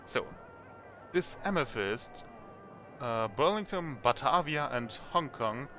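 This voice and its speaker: A man's voice: mid-range voice, lively intonation, slow pace, pushed and bright, a little hiss or hum. A man commenting on a game as he plays it and reading its text aloud, chatty and thinking aloud. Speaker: let's play host.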